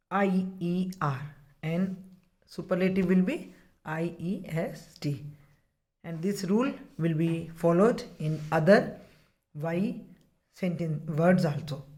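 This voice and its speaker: A woman teacher, explaining a grammar lesson to children slowly and deliberately, repeating the key words. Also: lowish voice, dark tone.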